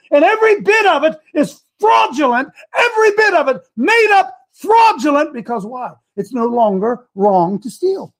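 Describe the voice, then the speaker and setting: A man giving a fiery political speech to a crowd, shouting rhetorical questions. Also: very high-pitched, very animated, normal speed, few pauses. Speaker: speaker addressing a crowd.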